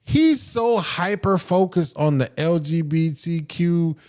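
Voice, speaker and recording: A man's voice: on the high side, slow pace. Guy ranting on his podcast, cussing a lot, voice swings all over the place. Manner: animated, profane, ranting with mocking quoted voices. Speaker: podcast host. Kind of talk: solo podcast rant.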